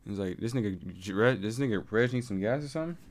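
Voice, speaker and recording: This young man hosts a one-person podcast, laughing frequently as he tells stories in easygoing, slang-heavy talk. His voice is on the low side, expressive, and quick-paced.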